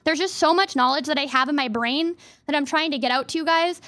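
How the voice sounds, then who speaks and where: A young woman chats to her viewers on a livestream, rambling and heartfelt, with plenty of "like" fillers. Her voice sits very high and sounds bright and sharp. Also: brisk. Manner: rambling and emotional, many "like" fillers. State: teary, near crying. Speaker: VTuber streamer. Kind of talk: casual livestream chat.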